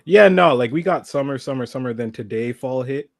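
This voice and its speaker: A man's voice: medium pitch, expressive, a little fast, vocal fry, no echo. Man from Canada, casual toy podcast chat, rambling, dry close sound. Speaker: podcast co-host.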